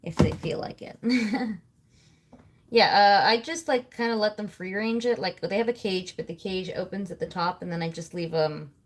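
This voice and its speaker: A woman's voice: mid-range voice, moderate pace. Woman, 30s, home livestream host; loose, profane, talks while multitasking at her desk. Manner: chatty, swears freely, thinks aloud. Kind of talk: casual rambling chat.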